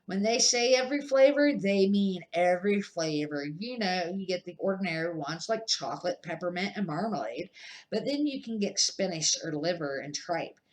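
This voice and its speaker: An easygoing eleven-year-old wizard boy chatters on about sweets and spells, as a grandmother reads his lines aloud. The voice stays close to her own, casual and unhurried. It is a home storybook reading. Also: lowish voice, animated, close to an everyday voice. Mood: chatty.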